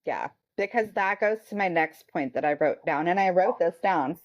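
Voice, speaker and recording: A woman's voice: fairly low pitch, expressive, moderate pace, muffled recording. A woman co-hosting a podcast in casual chat, blunt and profane, often acting out what people said. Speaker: podcast co-host.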